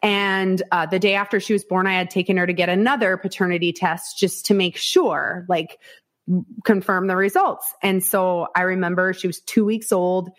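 A woman's voice: on the low side, fairly even intonation, normal speed. A woman from Iowa, a podcast guest, tells her story frankly and with animation, acting out quotes, swearing and laughing often. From Iowa, United States. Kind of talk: candid storytelling interview.

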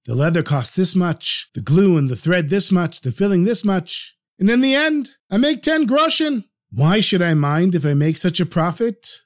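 A man's voice: on the high side, natural voice. Man putting on a beaming simple shoemaker. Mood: delighted. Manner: delighted, doting, drawn-out exclamations. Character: joyful simple-minded male shoemaker, proud and content.

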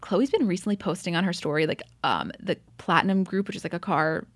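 A woman's voice: lowish voice, fairly quick, no room sound. A woman co-hosting a podcast, chatting casually as she recaps a reality show and acts out quotes with swearing. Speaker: podcast co-host.

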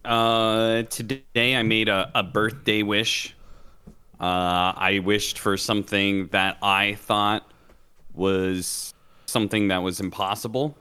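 A man's voice: fairly low pitch, little pitch movement, slow pace, bright, forceful tone, smooth. A young man co-hosting a casual podcast, swearing freely and acting out quoted lines with lots of energy. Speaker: podcast co-host. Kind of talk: casual chat.

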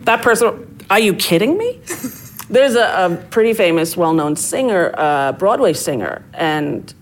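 Animated middle-aged woman storyteller. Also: measured pace, poor audio. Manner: animated, acts out quotes with big pitch jumps. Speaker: comedian guest. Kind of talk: casual storytelling interview.

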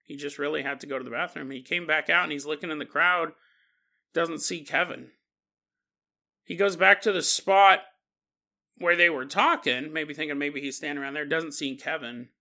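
A man's voice: on the high side, fairly even intonation, normal speed, gravelly, pushed and bright. A man hosting a podcast, telling a story in a casual, conversational way with lots of fillers. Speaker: podcast host.

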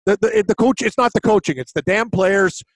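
A man's voice: high-pitched, brisk, no room sound. Fed-up male podcast co-host ranting. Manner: blunt, exasperated ranting. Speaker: podcast co-host, hockey betting. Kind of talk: casual sports betting chat.

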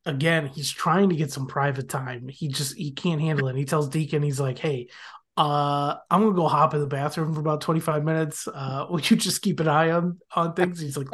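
A podcast host in casual chat, recapping an episode animatedly, laughing often and acting out quoted lines. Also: mid-range voice.

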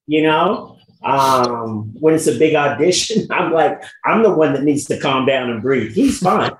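A man's voice: fairly high pitch, expressive, measured pace, reverberant, slight background noise, poor audio. A man guesting in a casual chat, talking animatedly and laughing often. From England. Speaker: guest actor.

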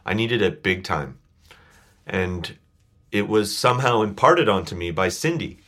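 A man's voice: fairly low pitch, animated, a little slow, fairly bright tone. A man telling a personal story as a podcast guest, earnest and a little choked up. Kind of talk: casual chat, personal storytelling.

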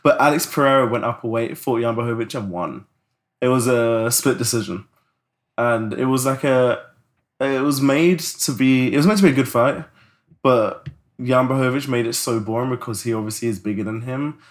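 A man's voice: mid-range voice, normal speed. A man co-hosting a podcast in casual chat, rambling loosely and filling his talk with "like". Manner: loose, rambling, heavy use of "like". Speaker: podcast co-host.

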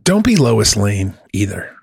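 A man's voice: lowish voice, sing-song, a little slow, vocal fry, breathy edge, no echo, clean studio sound. A man in casual chat, ranting about movies with heavy profanity.

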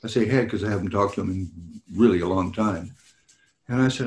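A man's voice: lowish voice, brisk, reverberant. A man chatting with a fan on a video call, telling anecdotes with lots of laughter and acted-out voices. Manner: animated, laughs often, acts out voices in anecdotes. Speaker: celebrity hosting fan meet and greets. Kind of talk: casual storytelling chat.

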